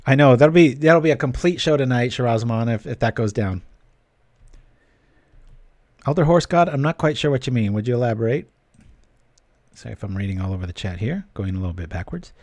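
A man's voice: medium pitch, animated, brisk, long pauses, a little mellow, dry recording. A man giving casual gameplay commentary while reading his stream chat, chatty and joking. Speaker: streamer playing a card game.

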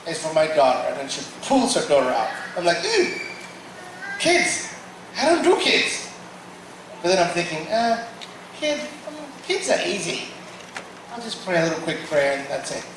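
A man giving a testimony sermon as guest preacher, telling the story in a lively way and acting out the people in it. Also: on the high side, fairly quick, noisy background. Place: large hall at a church service. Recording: echoey hall from far off, with audience.

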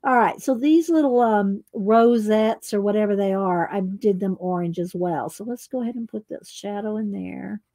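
A woman's voice: medium pitch, moderate pace, hardly any pauses, mellow. Lady coloring on a livestream, chatty, talks to herself while she works.

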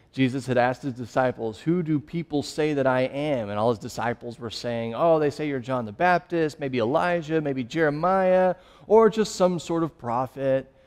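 A man's voice: medium pitch, darkish tone, big-room sound. A young adult man preaching a sermon as pastor, conversational and laughing often as he tells stories.

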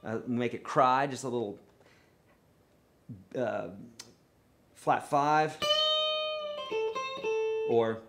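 A man teaching a live online guitar lesson, coaching in a relaxed, repetitive way and checking in often with the viewers. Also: mid-range voice, extremely slow, pauses often. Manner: relaxed, repetitive coaching with frequent "okay?" and "right?".

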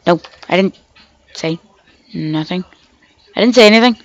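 A woman with a fairly low voice speaks at a normal pace. There's no echo, but the recording is rough. Sick and sounding off, she hosts a gaming channel, rambling casually as she plays and chatting to herself and the game's animals.

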